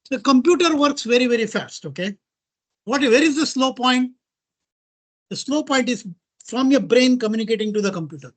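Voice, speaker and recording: A middle-aged man from India with an Indian accent, giving a lively informal talk to an audience, mixing in Hindi phrases and often checking in with "right?" and "okay?". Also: high voice, breathy edge. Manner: animated, mixes Hindi into English, repeats "right?" and "okay?". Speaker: guest speaker.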